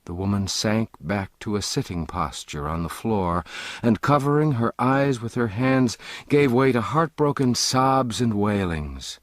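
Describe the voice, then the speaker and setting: A man narrating a classic novel as an audiobook, measured and expressive. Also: on the low side, dry recording.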